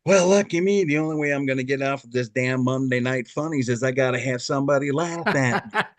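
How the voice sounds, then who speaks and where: A man doing an impression of a weary, sardonic older boat captain speaking in a low, slow drawl. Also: no room sound, lightly acted.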